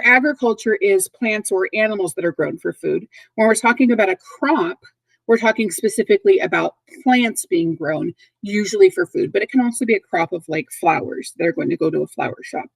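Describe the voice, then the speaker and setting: A woman's voice: medium pitch, creaky, breathy edge, no echo, poor audio. A woman teaching a recorded vocabulary lesson to young kids, patient and repetitive, checking in often. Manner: patient, repeats words and checks in with okay. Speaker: third grade teacher.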